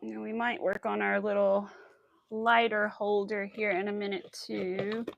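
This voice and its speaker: Casual chatty woman streaming while she crochets, mid-pitched, close dry mic, rambles through animated stories. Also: unhurried, gravelly, dry recording, highs cut off. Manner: chatty, rambling, animated retelling with quoted asides. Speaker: crochet livestream host.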